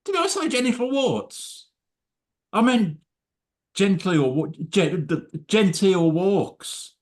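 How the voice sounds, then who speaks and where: A man giving a comic spoken-word performance at a live poetry night, playing a halting, stammering, sweary drunken persona. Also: sits high, sing-song. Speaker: open mic performer.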